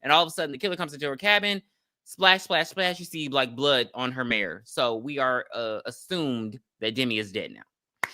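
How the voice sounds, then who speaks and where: Lively woman recapping a horror film. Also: rumbling low, fairly quick, no echo, clean studio sound. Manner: animated, swearing, frequent ums and laughs. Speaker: podcast co-host. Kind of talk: casual movie recap chat.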